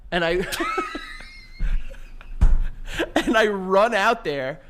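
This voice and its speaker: A young man with a fairly high, very lively voice, chatting on a podcast. He tells funny stories, laughs often and acts out the lines of the people in them. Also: normal speed, slight background noise. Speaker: podcast host. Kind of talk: casual chat, storytelling.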